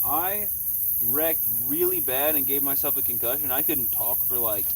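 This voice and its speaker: A man's voice: mid-range voice, moderate pace, distant mic, a little hiss or hum. Laid-back man chatting outdoors. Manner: easygoing, chatty, says man and bro a lot. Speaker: fishing livestream co-host. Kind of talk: casual chat on a fishing livestream. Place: outdoors by water at night.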